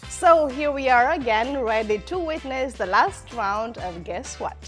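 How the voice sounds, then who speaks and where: Woman quiz host, unhurried reading, music behind. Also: fairly high pitch, expressive. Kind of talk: scripted quiz presenting.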